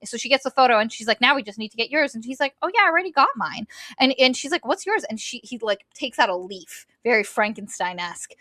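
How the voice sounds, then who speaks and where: Bright-voiced young woman recapping a book. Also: a little high, no room sound, clean studio sound. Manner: quick summarizing, acts out characters' lines. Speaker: book podcast co-host. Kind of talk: casual book recap chat.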